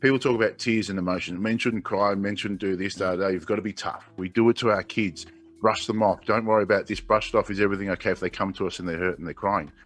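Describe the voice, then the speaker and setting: A man's voice: on the low side, fairly even intonation, fast talker, soft background music. A man in his forties with an Australian accent, a guest on a casual radio chat, telling stories and acting out the people he quotes. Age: 40s.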